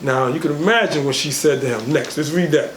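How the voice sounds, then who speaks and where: A man's voice: on the high side, a little fast, fairly bright tone, reverberant, slight background noise, low-quality recording. A man who is an elder, leading a Bible study in a casual way, explaining the verses and acting out the scenes.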